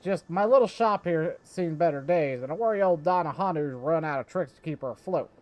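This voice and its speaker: A man's voice: fairly high pitch, lively intonation, a little fast, darkish tone, voice pushed up, natural voice. A man voicing an eccentric, theatrical male fishmonger, reading his lines with grand storyteller flair.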